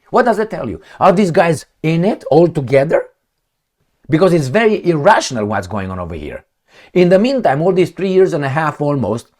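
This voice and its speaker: A man's voice: on the high side, darkish tone. A man hosting his own opinionated commentary vlog, talking bluntly and profanely, repeating words for stress and making gunfire and kicking noises with his mouth. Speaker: channel host.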